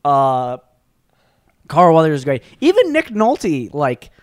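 A man co-hosting a podcast in casual chat, excitable, swearing often and restarting his sentences. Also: a little high, takes it slowly. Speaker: podcast co-host.

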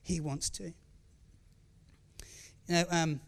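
A man's voice: a little high, steady tone, slow pace, vocal fry. A middle-aged man preaching a sermon as pastor, speaking candidly and conversationally with frequent restarts and asides. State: tearful at times.

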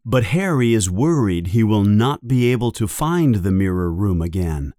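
A man narrating a children's story in a slow, deliberate, expressive way. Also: fairly low pitch, no room sound, clean studio sound. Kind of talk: storybook reading.

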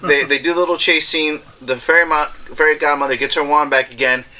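A man chatting casually about a movie, retelling scenes with quick voice impressions and bursts of laughter. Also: on the high side, steady tone, a loud crowd, rough recording. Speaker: podcast co-host.

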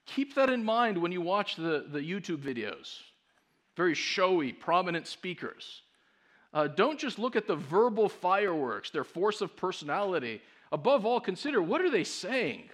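Pastor, male, fairly high voice, emphatic sermon delivery with rhetorical questions. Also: fairly bright tone.

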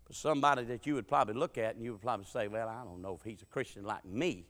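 A man preaching a sermon with humorous stories, folksy and full of dialect, swinging from loud preaching to quiet asides. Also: on the low side, rapid-fire. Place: church sanctuary. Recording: reverberant church sanctuary.

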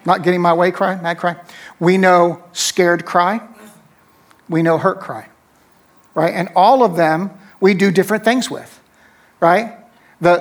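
A middle-aged pastor with a notably high voice delivers a sermon to his congregation. He tells stories conversationally, says his key lines twice and keeps asking "right?" to draw the room in. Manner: conversational storytelling, repeats phrases, checks in with "right?".

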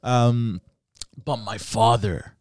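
A man's voice: on the low side, very slow, darkish tone, no room sound, clean studio sound. A young man hosting a podcast, chatting casually and telling stories with slang and laughter. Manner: laughing, storytelling with bro slang. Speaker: podcast host. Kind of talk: casual chat.

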